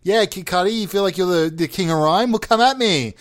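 Playing a pretend politician, a man delivers a rambling, self-mocking comic monologue. His voice sits high and his delivery is brisk.

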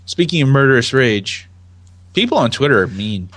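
A man co-hosting a casual chat podcast, animated and laughing often as he reads tweets aloud in voices. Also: medium pitch, moderate pace, dry recording. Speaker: podcast co-host.

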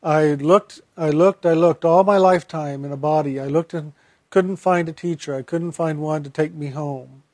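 A man's voice: a little high, steady tone, normal speed, darkish tone, no room sound, close to an everyday voice. A man voicing a grieving male soul who laments, in repeated complaints, that he never found a teacher. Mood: self-pitying. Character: grieving male soul, self-pitying seeker.

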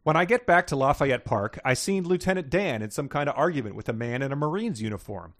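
A man reading aloud in the voice of a slow-witted Southern man, with a put-on Southern accent and folksy, ungrammatical speech. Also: medium pitch, expressive, fairly bright tone, dry recording, studio quality. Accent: American Southern, put on. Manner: folksy drawl with broken grammar.

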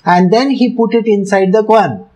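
A man's voice: high-pitched, moderate pace, dark tone, rough recording. A man with an Indian English accent, telling a devotional story and patiently explaining its terms, often chuckling as he talks. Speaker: teacher explaining a devotional book.

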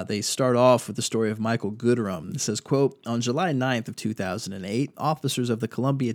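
A man's voice: mid-range voice, a little mellow, dry recording, studio quality. A man hosting a podcast, giving sardonic, profane commentary on news stories and reading quotes aloud. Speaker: podcast host.

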